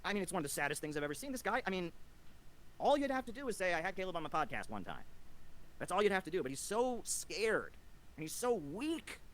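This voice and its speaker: A man's voice: high-pitched, big pitch swings, fast talker, a bit bright, low-quality recording. A man giving a scornful, lecturing rant in a video commentary. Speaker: political commentator.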